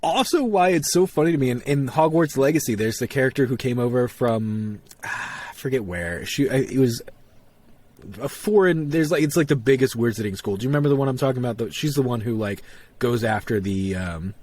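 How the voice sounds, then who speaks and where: A man co-hosting a podcast in casual chat, nerdy and animated, often acting out quotes in funny voices. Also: medium pitch, fairly quick, slight background noise. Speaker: podcast co-host.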